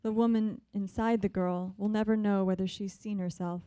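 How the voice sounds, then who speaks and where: A woman poet reading her poems in a measured, deliberate way, with soft, hesitant asides between them. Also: medium pitch, steady tone, clean tone, no room sound. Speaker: visiting poet. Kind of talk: poetry reading.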